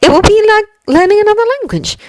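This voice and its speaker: A woman's voice: extremely high pitch, expressive, fast talker, darkish tone, no echo, voice pushed up, rough recording. A woman voicing a poised, clever teenage hero girl in a fanfiction reading, composed and knowing.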